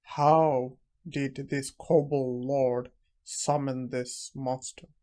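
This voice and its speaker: A man reading the lines of a cold, vengeful male necromancer in a manga recap, in a flat, unhurried delivery. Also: mid-range voice.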